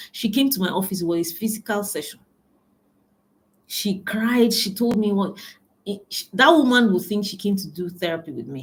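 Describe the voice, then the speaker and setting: A woman giving a motivational talk as a business coach, emphatic and repeating phrases for stress, calling her listeners ladies and gentlemen. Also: medium pitch.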